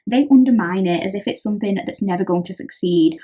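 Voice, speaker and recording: A woman's voice: mid-range voice, quick pace, hardly any pauses, darkish tone. A British woman giving a chatty pick-a-card tarot reading, talking straight to the viewer and acting out what other people say. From Britain. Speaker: tarot reader.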